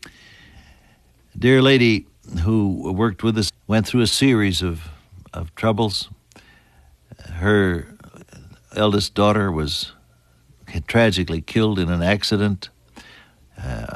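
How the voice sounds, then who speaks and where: A man with a fairly low voice delivers a heartfelt sermon. His delivery climbs sharply on emphatic phrases, then falls back soft and tender. The sound is close and dry. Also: no echo. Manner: earnest, swells high on emphasis then drops soft. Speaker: preacher.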